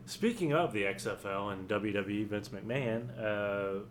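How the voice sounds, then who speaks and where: A man's voice: lowish voice, a little slow, a little hiss or hum. A man co-hosting a podcast, rambling and laughing as he retells wrestling news in casual chat. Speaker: podcast co-host.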